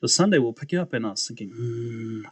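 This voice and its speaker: A young man tells his story as a podcast guest, speaking quickly at an ordinary mid pitch with a breathy edge. He's casual and animated, acting out the voices of people he quotes and laughing often. The sound is dry and close, with no room echo.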